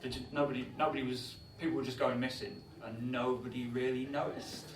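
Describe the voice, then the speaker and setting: Fast-talking man guest, roomy sound. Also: mid-range voice, level tone, slight background noise. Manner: rapid, stumbling restarts. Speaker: guest comedian. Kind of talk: live comedy podcast banter. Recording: roomy live venue from a distant mic.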